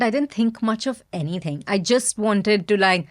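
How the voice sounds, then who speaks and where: A woman's voice: mid-range voice, moderate pace. A young woman speaking as a podcast guest, talking frankly and hesitantly, with fillers and restarts. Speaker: podcast guest, brand founder. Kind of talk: candid interview conversation.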